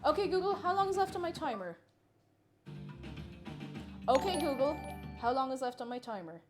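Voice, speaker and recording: Music plays in the background as a cooking livestreamer giggles and chats casually in her home kitchen, greeting viewers by name. She sounds high-pitched and very animated, moving at a moderate pace.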